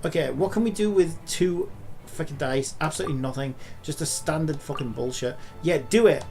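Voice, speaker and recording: A man's voice: on the high side, a little fast, vocal fry, darkish tone, faint music behind. A man commentating live gameplay, frustrated and swearing often, ranting at the game. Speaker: gaming streamer.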